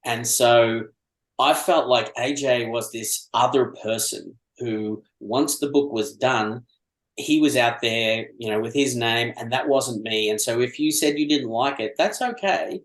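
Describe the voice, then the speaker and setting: A man, an author guesting on a podcast, talks candidly about his work in a mid-pitched voice. He is reflective and fills his pauses with ums. The room around him rings with a noticeable echo. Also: fairly even intonation, a bit bright. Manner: reflective and candid, with frequent fillers. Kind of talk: casual podcast chat. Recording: roomy echo.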